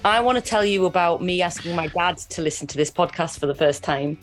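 Woman cohost, lowish voice, rambles with lots of likes and ums, faint music behind. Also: brisk. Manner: rambling, giggly, lots of fillers. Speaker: podcast co-host. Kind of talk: casual chat.

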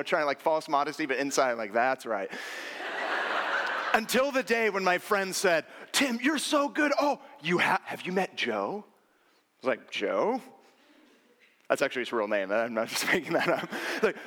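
A man's voice: a little high, long reverb tail. A man preaching a sermon, telling personal stories and acting out the voices of people he quotes. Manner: animated, acts out quoted voices. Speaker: pastor.

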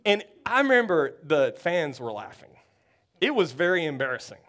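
A pastor from Texas telling a story in a sermon, animated and acting out the people in it. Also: male voice, a little high, normal speed. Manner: animated storytelling, acts out quotes.

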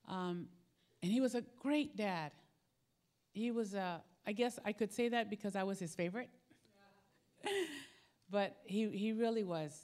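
A middle-aged woman, a pastor's wife, preaching a sermon in a warm, conversational storytelling way. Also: medium pitch, clean tone.

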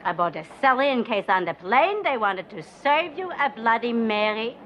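An actress playing an argumentative older wife in disguise in a film comedy. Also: female voice, fairly high pitch, very animated, normal speed. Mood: bickering. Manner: argumentative, exaggerated. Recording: dull film audio with faint noise.

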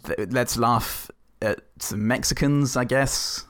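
A man's voice: medium pitch, slow pace, fairly bright tone, no room sound. A British man co-hosting a podcast, making dry, sweary jokes with hesitant fillers. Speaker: podcast co-host. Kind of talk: casual film-review chat.

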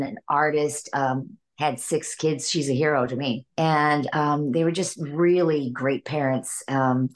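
An older woman from Illinois, a voice actress guest, chatting in an interview, laughing often between stories. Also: low-pitched. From Illinois, USA. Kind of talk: casual interview storytelling.

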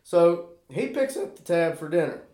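A man's voice: on the high side, very animated, moderate pace, darkish tone. A man telling a rowdy, profane story in casual chat, laughing through his punchlines. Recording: echoey room.

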